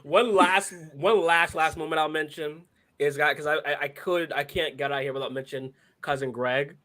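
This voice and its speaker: A man's voice: a little high, steady tone, moderate pace, pushed and bright. A young man co-hosting a casual show chat, enthusiastic and rambling, with lots of fillers and restarts. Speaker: podcast co-host.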